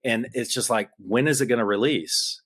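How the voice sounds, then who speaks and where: A man on a podcast mic, getting more and more worked up as he rants. His pitch sits in an ordinary middle range. His talk is heated and insistent, with the sound of a studio microphone. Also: moderate pace, a bit bright. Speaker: podcast co-host. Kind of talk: political podcast rant.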